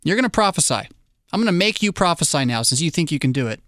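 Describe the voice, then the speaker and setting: A stern angel bearing a flaming sword, as a preacher gives him voice, commanding and blunt. Tenor-ish voice with a dry, close sound. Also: male voice, a little high, sing-song, fast, fairly bright tone, no echo.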